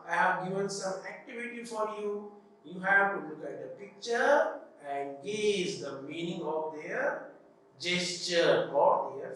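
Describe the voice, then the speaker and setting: Male teacher, Pakistani English accent, slow patient classroom drill, voice set far back from the mic. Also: high-pitched, sharp tone. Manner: slow, patient, asks questions then answers them himself. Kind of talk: classroom English lesson for children. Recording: very echoey room, voice from off-mic.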